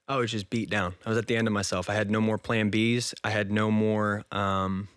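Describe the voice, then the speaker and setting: This podcast guest, a man in his twenties, talks a little fast in a fairly low, flat, slightly bright voice with a clean tone. Earnest and emotional, he recounts a personal story in a casual interview, laughing frequently and using "dude" and "man". The studio sound is clean, with no room sound.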